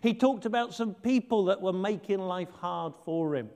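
Male pastor, casual sermon delivery, high voice, church hall with a long echo. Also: normal speed, darkish tone. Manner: casual, chatty preaching with fillers and restarts.

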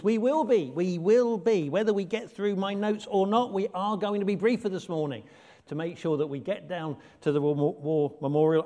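Male pastor, casual sermon delivery, high voice, church hall with a long echo. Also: darkish tone. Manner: casual, chatty preaching with fillers and restarts.

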